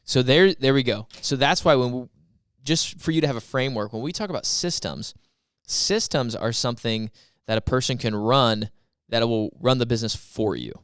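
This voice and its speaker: Male podcast co-host, mid pitch, smooth clear voice, close dry sound, patient explainer. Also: normal speed, a bit bright, no echo. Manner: explanatory, builds points step by step. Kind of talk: casual podcast chat.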